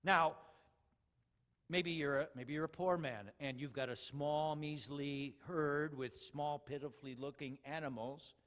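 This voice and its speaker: A man preaching a sermon, animated and full of rhetorical questions to the congregation. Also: on the high side, normal speed, hardly any pauses. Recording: long hall reverb.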